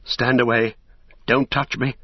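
A man's voice: on the low side, unhurried, no room sound, lo-fi sound. A man voicing a weary, burdened male hobbit who speaks in anguished, pleading tones. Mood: frantic. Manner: anguished, pleading, breaking into cries.

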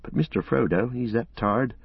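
A man's voice: mid-range voice, moderate pace, gravelly, breathy edge, dry recording, highs cut off. A man voicing a loyal, blunt male servant with homely, plain-spoken talk. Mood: apologetic. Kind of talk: audiobook character voice.

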